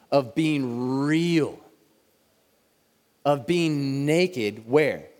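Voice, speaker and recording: A man in his thirties preaching a sermon in a church, talking in a conversational way and slowing down to stress key words. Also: fairly high pitch. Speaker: pastor. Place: church sanctuary. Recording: reverberant church hall.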